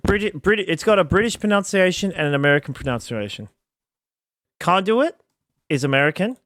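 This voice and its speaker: Insistent Australian bloke, slightly high voice. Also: male voice, animated, fast, a bit bright, no echo. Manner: argumentative, insistent, laughs often. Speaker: podcast co-host. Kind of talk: casual chat.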